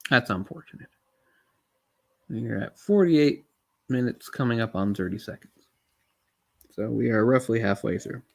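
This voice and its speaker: A man's voice: mid-range voice, lively intonation, normal speed, vocal fry, pauses often, a little mellow. A man giving casual live commentary on a film while feeling unwell, rambling in chatty asides with lots of fillers. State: unwell, keeps swallowing.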